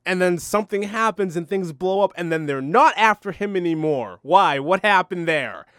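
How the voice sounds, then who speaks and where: A man's voice: high-pitched, normal speed, no room sound, studio quality. A man in casual conversation reviewing a film, ranting with disbelief. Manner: incredulous, animated ranting. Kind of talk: casual movie review chat.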